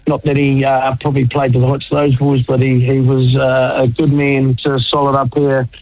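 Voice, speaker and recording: A man's voice: mid-range voice, completely flat delivery, moderate pace. A man chatting casually as a guest, laid-back and rambling. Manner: laid-back, rambling, says mate a lot. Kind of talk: casual chat. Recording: muffled lo-fi audio.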